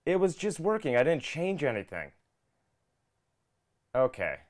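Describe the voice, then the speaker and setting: A man's voice: a little high, sing-song, unhurried. A young man hosting a casual live-stream podcast, joking and flustered while he sorts out audio trouble. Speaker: podcast host.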